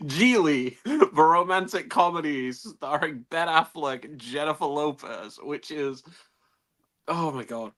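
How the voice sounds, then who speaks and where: A man in a casual film podcast chat, rambling and animated, restarting sentences and laughing often. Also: fairly high pitch, unhurried.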